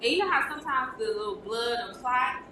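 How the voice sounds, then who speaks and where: A woman's voice: high-pitched, animated, a little fast, far from the mic. A woman sharing a candid personal reflection in a chatty way, often saying "you know". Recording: echoey room, off-mic, noisy.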